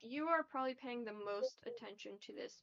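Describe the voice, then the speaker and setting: A woman's voice: fairly high pitch, brisk, fairly bright tone. A woman narrating a tabletop game as game master, with hesitant, filler-heavy delivery. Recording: dull lo-fi audio.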